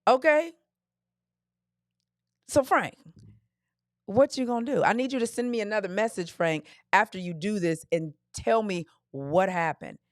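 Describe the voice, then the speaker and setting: A woman's voice: medium pitch, unhurried, long pauses, no room sound, clean studio sound. A woman hosting a live call-in advice podcast, talking in a sassy, direct coaching way and calling listeners honey and darling. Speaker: podcast host.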